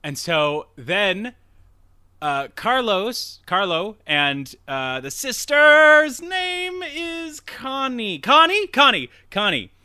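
Podcast host, male, lively and rambling, cusses freely, bright tone, dry close mic. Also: very high voice, drawn-out words, clean tone, no room sound. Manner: rambling, profane, laughs at himself, acts out quotes. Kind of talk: casual movie recap chat.

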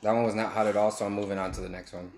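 A young man from Texas tells a loose, joking story in a lowish voice. The room is echoey with a faint hiss under it. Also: little pitch movement, racing, a little mellow. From El Paso, Texas. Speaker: vlogger. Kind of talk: casual story-time chat.

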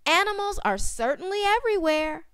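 Brief: woman reading an upbeat storybook mother, lively tone. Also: very high-pitched, moderate pace, no echo, clean studio sound, voice pushed up, full character voice. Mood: cheerful. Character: cheerful mother.

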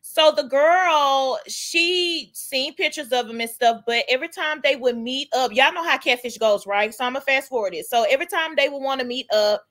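Young woman livestream host, high bright voice, gossipy and animated. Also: moderate pace, hardly any pauses. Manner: chatty, animated, greets chat viewers by name. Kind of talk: casual gossip chat.

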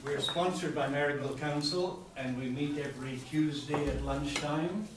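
An Australian man introducing his choir to an audience at a public event, friendly and a little halting as he talks. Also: on the high side, noisy background. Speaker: choir announcer. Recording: very echoey, distant, loud crowd.

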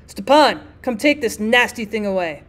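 Woman reading as angry dad yelling at the kids, loud and bossy, storybook. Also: fairly high pitch, expressive, normal speed, lightly acted. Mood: shouting orders. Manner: shouting scolding commands. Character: stern angry middle-aged father.

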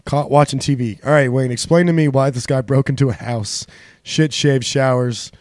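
A man hosting a casual podcast, easygoing and quick to laugh while reading out stories. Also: mid-range voice, steady tone, darkish tone, no echo, clean studio sound. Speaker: podcast host. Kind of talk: casual chat.

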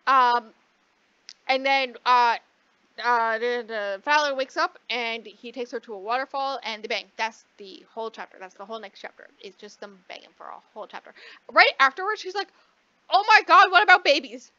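A woman co-hosting a podcast, casually recapping a book in a rambling way, swearing freely and acting out the characters in quick asides. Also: on the high side, sharp tone, clean tone, no room sound. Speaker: podcast co-host. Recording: dull lo-fi dry recording.

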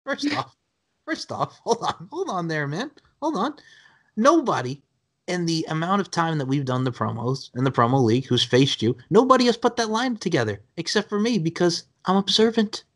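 A man's voice: fairly high pitch, very animated, normal speed, fairly bright tone. A man hosting a podcast, bantering and teasing his guest in casual chat. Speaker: podcast host.

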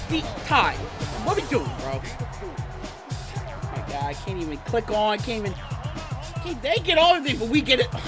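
A man doing excited gameplay commentary for his channel, swinging between muttered play-by-play and outbursts of shouting and cursing. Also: high-pitched. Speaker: gaming channel host. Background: game music.

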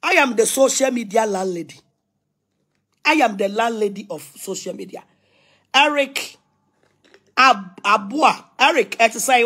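In a ranting live video, a middle-aged Ghanaian woman scolds defiantly, mixing languages and saying things over and over. Her voice sits on the high side, fairly bright, with lively intonation and a measured pace.

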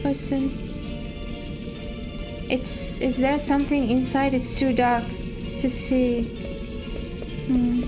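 Woman, gamer, casual let's-play commentary, high voice, excitable, game music behind. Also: slow, long pauses, low-quality recording. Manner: excitable, gasping and squealing when scared; also reads game dialogue aloud.

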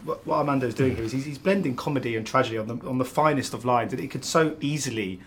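A man's voice: medium pitch, fast talker, a bit bright, a little hiss or hum. A man interviewing actors about a film, asking long, eager, rambling questions full of fillers.

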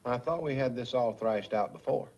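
An actor playing a patient, dry-humored father in a classic sitcom, speaking calmly and firmly to his young son. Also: mid-range voice, lightly acted. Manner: calm, unhurried, gently firm. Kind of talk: old sitcom acting.

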